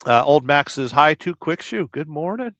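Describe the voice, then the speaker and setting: A man hosting a livestream, chatting casually and reading viewer comments with rambling, deadpan jokes. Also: on the high side, moderate pace, no echo. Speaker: livestream host. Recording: dull lo-fi dry sound.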